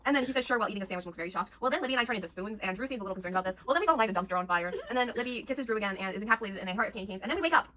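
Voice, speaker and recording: Young woman, very fast talker, bright forward voice, rambling improvised tale full of fillers. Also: medium pitch, lively intonation. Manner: rapid rambling with frequent fillers and giggles. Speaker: vlogger's friend. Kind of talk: improvised storytelling.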